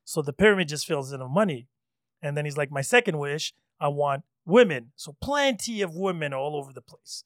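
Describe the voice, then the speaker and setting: A man hosting a casual chat, telling animated stories and laughing often. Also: fairly high pitch, a little fast, no echo, clean studio sound.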